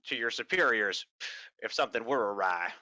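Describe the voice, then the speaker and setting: Man doing a gruff, tough-talking fox detective. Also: fairly low pitch, animated, moderate pace, bright, forceful tone, dry recording, rough recording. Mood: threatening. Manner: tough-talking, slangy and drawling. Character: gruff, cigar-smoking male fox investigator.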